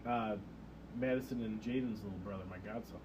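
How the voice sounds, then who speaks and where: A young man co-hosting a casual chat, excitable and joking, often cutting in. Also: fairly low pitch, muffled recording, noisy background. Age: young adult. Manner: excitable, joking, quick to interrupt. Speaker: podcast co-host.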